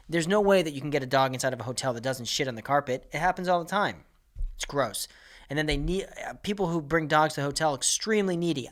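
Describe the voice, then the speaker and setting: A man's voice: on the high side, fast, a bit bright. A man hosting his own comedy podcast, delivering an exasperated, profane rant as a monologue.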